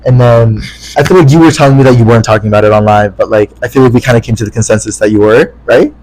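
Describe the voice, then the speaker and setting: A man's voice: mid-range voice, rapid-fire, a little mellow, slight background noise, poor audio. A young man co-hosting a podcast, telling a story in casual chat and acting out the quotes with lots of swearing. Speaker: podcast co-host.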